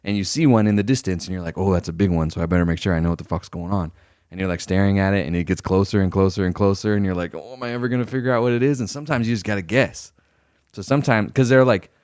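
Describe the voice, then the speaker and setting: Fast-talking deep-voiced man telling stories. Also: no echo, clean studio sound. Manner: animated storyteller, swears freely, acts out quoted superiors. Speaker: podcast co-host. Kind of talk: casual chat, storytelling.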